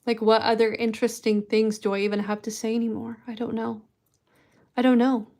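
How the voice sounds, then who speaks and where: A woman's voice: on the high side, flat delivery, a little fast, a little mellow. A woman streaming live, chatting casually and rambling in a self-deprecating way to her viewers. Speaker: streamer answering chat.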